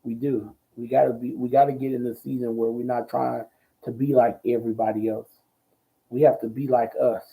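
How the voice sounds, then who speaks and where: A man hosting a ministry talk show who preaches in a loud, bold, slangy way, repeating his phrases and answering viewer comments. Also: medium pitch, gravelly, poor audio.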